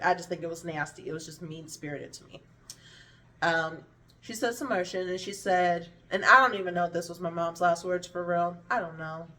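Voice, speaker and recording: This vlogger, a woman with a lowish voice that sounds pushed and bright, rambles candidly about her life to camera from somewhat back from the mic. She's hungry and slurring a little, swearing a lot, and often drops a thought midway before picking it back up.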